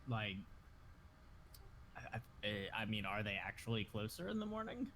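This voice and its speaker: A man playing a tabletop game, speaking hesitantly in short halting bits. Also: on the low side, sing-song, fairly bright tone. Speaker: player. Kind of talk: casual tabletop game talk. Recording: distant mic, faint background noise.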